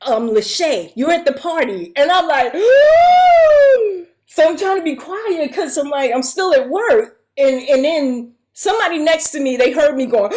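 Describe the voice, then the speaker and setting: A middle-aged woman, a guest actress, telling a story in a casual, animated way, acting out the voices of other people and laughing often. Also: high-pitched, moderate pace, few pauses.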